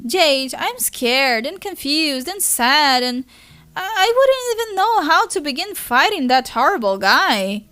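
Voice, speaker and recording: A woman's voice: high voice, very animated, a little slow, sharp tone, full character voice. A woman with a Brazilian Portuguese first language voicing a weepy teenage girl sprite who breaks into sobbing boo-hoo cries. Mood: panicked.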